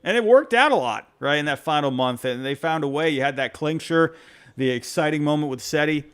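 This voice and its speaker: Fan voicemails get answered by a podcast host on his laid-back postgame show, his fairly high voice brisk and smooth with lively intonation. His sports reaction talk is rambling and keeps cutting itself off.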